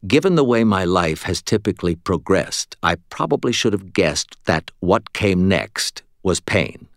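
A man reading a first-person audiobook in an expressive, wry way. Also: low-pitched, measured pace, gravelly, no room sound, clean studio sound. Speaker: audiobook narrator.

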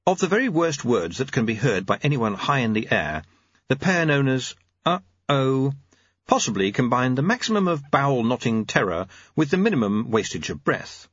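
A man's voice: medium pitch, a bit bright, husky, no echo. A man narrating an audiobook in a dry, wry storytelling manner on a dull, lo-fi recording. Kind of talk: scripted narration.

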